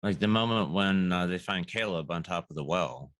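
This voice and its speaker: A man's voice: low voice, moderate pace, fairly bright tone, no room sound. A man on a podcast, asking curious follow-up questions about a show in casual chat. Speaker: podcast co-host.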